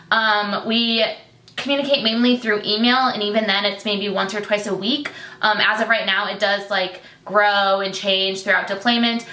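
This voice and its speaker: A woman's voice: a little high, sharp tone, roomy sound. A young woman from Michigan talking candidly to camera in a personal vlog, chatty with many fillers and tearful at times. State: tearful, getting emotional. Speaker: vlogger, military wife.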